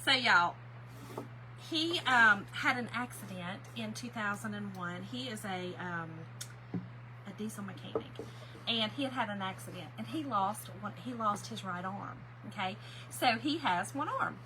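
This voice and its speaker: A woman's voice: mid-range voice, animated, unhurried, pushed and bright, slight background noise, low-quality recording. A middle-aged woman, telling a story to her viewers while she paints, laughing often and calling them "y'all". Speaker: craft livestream host.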